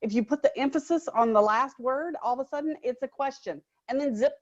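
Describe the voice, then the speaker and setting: A woman, a new home sales trainer, chatting in an animated, storytelling way. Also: sits high, brisk, hardly any pauses. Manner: chatty, animated storyteller who acts out customers. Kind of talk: conversational sales coaching talk. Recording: slightly dull, muffled audio.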